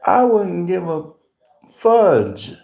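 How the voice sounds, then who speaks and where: A man hosting a livestream, telling stories in a profane, animated rant with voiced impressions. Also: high-pitched, drawn-out words, vocal fry. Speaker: livestream host. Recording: roomy echo.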